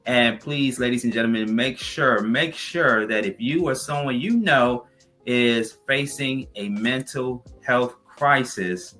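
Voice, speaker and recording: Guy hosting a local talk show, bright clear voice, soft music bed behind. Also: medium pitch, takes it slowly. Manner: upbeat sign-off with repeated plugs.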